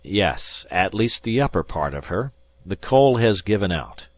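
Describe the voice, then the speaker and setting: A man voicing a cool, precise English gentleman who speaks with calm, measured authority in an audiobook. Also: low-pitched, exaggerated voice. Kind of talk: audiobook character voice.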